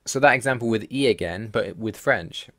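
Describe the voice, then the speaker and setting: Here a man with a lowish, somewhat bright voice speaks at normal speed. As a language-learning video host, he voices over slides, setting out language rules one by one with wry, mild exasperation.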